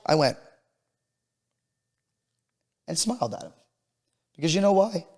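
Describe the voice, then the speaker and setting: A laid-back man co-hosting a podcast, talking quickly in a middle-pitched voice. He swears freely and repeats words for emphasis, and his voice rings with a long reverb. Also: very animated, darkish tone. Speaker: podcast co-host. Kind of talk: casual podcast chat.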